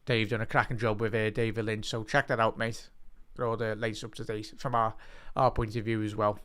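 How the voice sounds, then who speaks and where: A young man hosting a live football watch-along, chatting to his viewers and breaking into excited commentary. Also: lowish voice, brisk. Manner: excitable, bursts into loud rising commentary during attacks; chatty, addresses the live chat by name.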